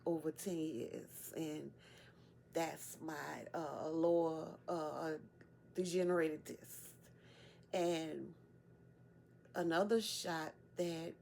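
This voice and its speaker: A woman's voice: fairly low pitch, warm tone, a little hiss or hum. A middle-aged woman talking candidly and wearily in her own video diary. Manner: weary, candid. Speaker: vlogger.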